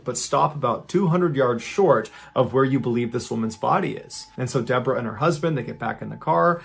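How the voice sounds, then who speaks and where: A man narrating true crime stories in a steady, conversational storyteller's manner. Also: mid-range voice, gravelly, husky.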